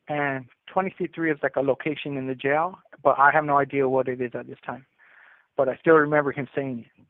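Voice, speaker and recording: A man's voice: mid-range voice, steady tone, a little fast, no echo. A man calling from prison, telling in a candid, streetwise way about his first days in custody as a youth. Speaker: incarcerated caller. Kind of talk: casual storytelling over the phone. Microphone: prison phone. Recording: tinny prison phone line.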